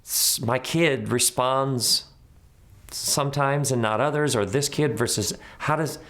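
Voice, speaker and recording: A man's voice: mid-range voice, unhurried. A middle-aged man, an author and speaker, talking reflectively in an interview and acting out the voices of people in his stories. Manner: animated, acts out quoted voices in his stories. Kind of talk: reflective conversational storytelling.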